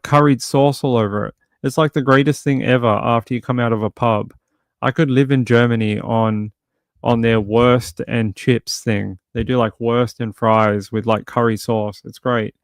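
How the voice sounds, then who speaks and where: A man hosting a livestream, chatting casually and a little rambling. He reads viewer comments and tosses in playful jokes. His voice sits mid-pitch and sounds close and dry. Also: dry recording. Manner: chatty and rambling, many fillers and restarts; jokey, playful asides. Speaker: livestream host.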